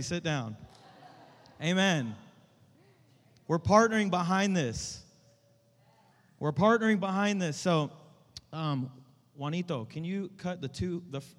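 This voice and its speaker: A man, a youth pastor talking casually to his church, joking and rambling, and sometimes rallying the room to shout back. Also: fairly high pitch. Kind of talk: casual church talk to a congregation. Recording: reverberant church hall.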